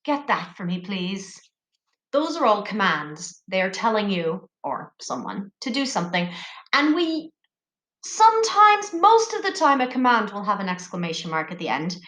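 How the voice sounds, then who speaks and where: A woman teacher talking to young schoolchildren in an animated, sing-song classroom voice. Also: medium pitch, normal speed, echoey room.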